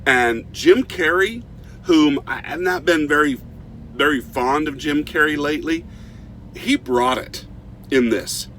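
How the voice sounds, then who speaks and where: Animated middle-aged man reviewing a film. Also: a little high, a little slow, a little hiss or hum. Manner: animated storytelling with frequent restarts. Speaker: movie reviewer. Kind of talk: casual spoken review.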